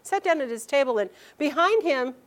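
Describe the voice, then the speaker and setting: Her voice is expressive and sits high as this woman narrates a personal story, breaking off and restarting lines and performing the people she quotes.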